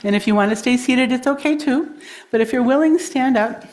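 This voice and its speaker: A woman speaker at a congregation gathering, gently guiding listeners through breathing and grounding, encouraging and quick to laugh. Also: high-pitched, slight background noise. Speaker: guest speaker. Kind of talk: guided breathing exercise in a talk. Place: congregation hall.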